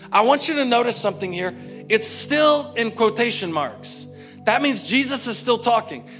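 A man preaching a sermon as pastor, retelling scripture in a lively, conversational way with slang. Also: high-pitched.

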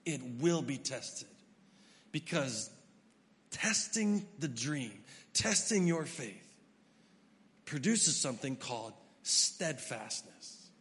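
A middle-aged male pastor giving an emphatic sermon, swinging from loud to hushed. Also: medium pitch, big pitch swings, slow pace. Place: church hall. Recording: long hall reverb.

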